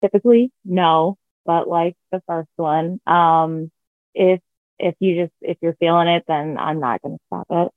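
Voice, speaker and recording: A woman's voice: on the low side, a little slow, dry recording. Casual woman contestant over a tinny line.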